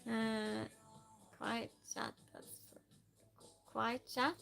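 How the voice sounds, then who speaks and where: A woman's voice: a little high, level tone, very slow, vocal fry, a bit bright, soft background music. A woman streamer chatting casually and playfully with her live viewers, reading their messages aloud and teasing them.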